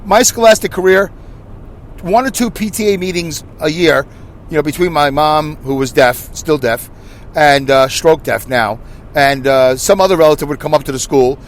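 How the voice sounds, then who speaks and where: A man in his fifties with a New York accent, hosting a podcast in a loud, rambling, self-deprecating monologue. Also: on the high side. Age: 50s. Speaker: podcast host. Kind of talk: casual monologue.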